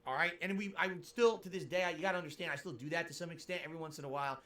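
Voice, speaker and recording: A man's voice: fairly high pitch, very fast, fairly bright tone. A male streamer explaining himself to his audience in a defensive, talky way. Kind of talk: streaming commentary.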